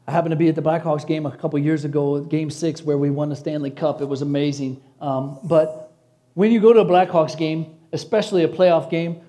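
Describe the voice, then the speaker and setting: A man from Chicago preaching a sermon to his congregation, dropping to soft, hushed passages and rising to loud, exclaiming peaks. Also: fairly high pitch, little pitch movement, brisk. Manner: preacherly, addresses congregation as church. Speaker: pastor.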